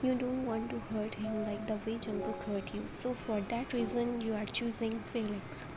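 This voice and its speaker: Softly whispering woman narrator. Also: a little high, level tone, normal speed. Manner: soft, often half-whispered reading. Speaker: fan fiction narrator. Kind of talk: storybook narration. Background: loud background music.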